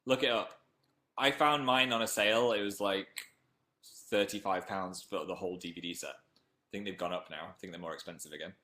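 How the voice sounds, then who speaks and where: A man's voice: low-pitched, normal speed, bright, forceful tone, reverberant. A young man with a Northern English accent, chatting casually on a live stream and reading viewer comments aloud. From Northern England.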